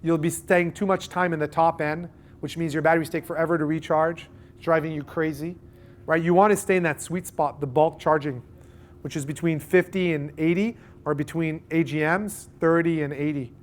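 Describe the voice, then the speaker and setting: Canadian male seminar presenter, slightly high voice, animated, fond of analogies. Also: moderate pace. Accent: Canadian English. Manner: animated, uses everyday analogies and acted-out dialogue. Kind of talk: live boat show seminar talk. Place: boat show seminar room.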